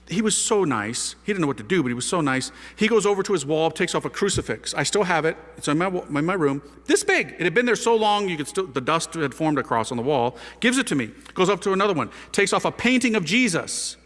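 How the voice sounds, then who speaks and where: A man telling a lively personal testimony as a priest, speaking in casual slang with big swings in his voice. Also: a little high, quick pace, hardly any pauses. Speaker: priest giving a conversion testimony. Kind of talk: animated spoken testimony. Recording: echoey hall.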